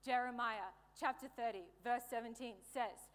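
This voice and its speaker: A woman's voice: on the high side, normal speed, few pauses. Woman preaching in an echoing hall. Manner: lively, joking asides, calls for amens. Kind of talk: sermon. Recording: long hall reverb.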